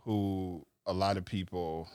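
A man co-hosts a casual podcast, laying out points in a relaxed, explanatory way and laughing often. His voice sits a little low. The sound is dry and close. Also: slow, clear, resonant tone, no echo. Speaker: podcast co-host. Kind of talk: casual chat.

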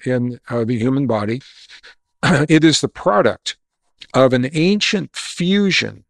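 Male interview guest, mid-pitched, confident explainer, dry close-miked sound. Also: dry recording. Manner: animated storyteller, emphatic and explanatory. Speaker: guest author and geologist. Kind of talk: storytelling interview answers.

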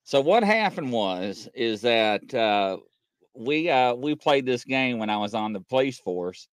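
A man co-hosting a casual talk show, telling a rambling, animated story. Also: medium pitch, unhurried, smooth, no room sound. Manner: animated, rambling storyteller who acts out voices. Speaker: co-host.

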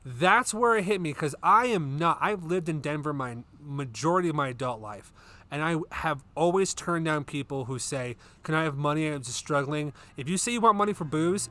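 A man's voice: a little high, a little fast, sharp tone. A man hosting a casual chat show with his wife, telling long rambling stories and swearing freely. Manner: rambling, profane storyteller. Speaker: podcast host.

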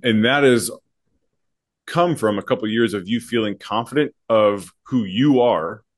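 A man's voice: on the low side, a little slow. A man co-hosting a podcast, working as a school principal, talking thoughtfully and searching for words mid-sentence. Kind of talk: casual podcast conversation.

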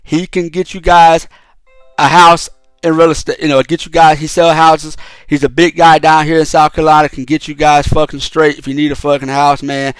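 A man hosts a solo podcast in a raised, somewhat high voice, swearing freely and circling back over his own words. The sound is close and completely dry, with no room around it. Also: level tone, moderate pace, clean tone, no echo, faint music behind. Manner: profane, heated and rambling, with frequent restarts. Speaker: podcast host. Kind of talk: casual solo podcast commentary.

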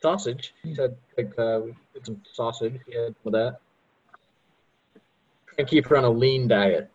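Laid-back husky man chatting. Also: medium pitch, moderate pace. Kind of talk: casual chat. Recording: slightly dull lo-fi audio.

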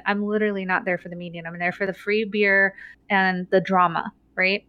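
A middle-aged woman telling a story in casual chat, animated and laughing often, with many "like" and "right?" tags. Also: medium pitch, normal speed, clean tone, dry recording, lo-fi sound.

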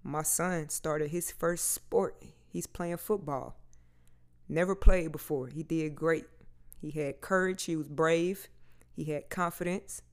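A man's voice: a little high, steady tone, slow pace, clear, resonant tone. A man, talking candidly and casually to his viewers, swearing freely as he goes. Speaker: vlogger. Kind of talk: candid personal talk to camera.

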